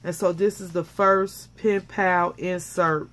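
A woman vlogger chatting casually as she unboxes a package, gushing and repeating how much she loves each item, excited and a little flustered. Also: fairly low pitch, slow pace.

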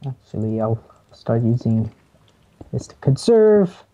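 A woman chatting jokily while playing a game, often repeating herself when excited. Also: extremely low pitch, slow pace, dull audio, slight background noise. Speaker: gamer on a team. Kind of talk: casual let's-play chat.

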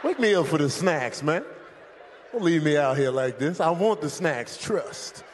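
A man doing live stand-up comedy on stage, animated and loud, shouting out his impressions of airport staff. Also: a little high, a little slow, slight background noise. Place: comedy stage with a laughing audience.

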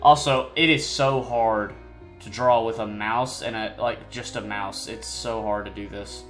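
A man casually commenting on his own gameplay. He rambles, pokes fun at himself and breaks into sudden excited squeals. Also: fairly low pitch, unhurried. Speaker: gaming channel host. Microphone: desk mic, no face cam. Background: faint game music.

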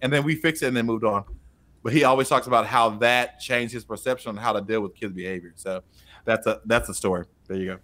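A man's voice: mid-range voice, quick pace. A man telling a classroom story in casual podcast chat, acting out quoted lines with a raised voice. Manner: animated, acts out quotes with a raised voice. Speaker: teacher and podcast co-host.

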